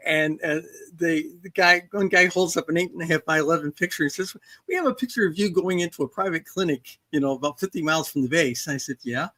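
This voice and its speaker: An older woman author telling a story in casual conversation, animated, acting out dialogue with some restarts. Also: sits low, quick pace.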